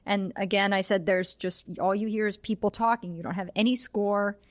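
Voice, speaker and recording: A woman of middling pitch co-hosts a casual film podcast. She retells scene after scene in a chatty way and slips into quick quoted lines from the characters. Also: fairly even intonation, no echo. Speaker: podcast co-host.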